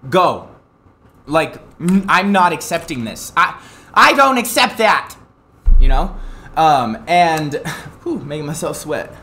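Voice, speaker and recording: A man streaming live, telling an angry story in a profane, animated rant with sudden loud outbursts and self-mocking asides. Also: on the high side, takes it slowly.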